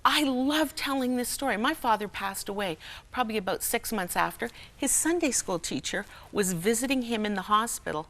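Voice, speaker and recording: Animated storytelling woman, bright voice. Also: on the high side, moderate pace. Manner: lively storyteller, acts out quoted voices, laughs often. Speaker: guest speaker and humorist. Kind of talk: telling a personal story on a talk show. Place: television studio.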